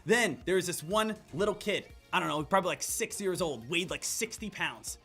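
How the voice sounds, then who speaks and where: High-voiced, chatty American trader. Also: male voice, moderate pace, breathy edge, faint music behind. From Pennsylvania, USA. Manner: animated storytelling, repeats "again" and "right?". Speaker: stock trading streamer. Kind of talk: casual trading livestream talk.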